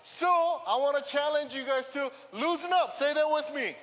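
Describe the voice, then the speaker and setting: A man giving an energetic call-and-response sermon to a family audience in a church hall. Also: very high voice, normal speed, a little hiss or hum. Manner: energetic, call-and-response, switching between English and Korean. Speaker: youth pastor. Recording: long hall reverb, faint music.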